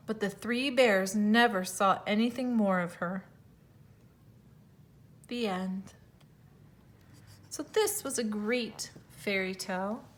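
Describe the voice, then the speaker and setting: A woman teacher reading a fairy tale aloud to children, expressive, with small slips and self-corrections. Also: a little high.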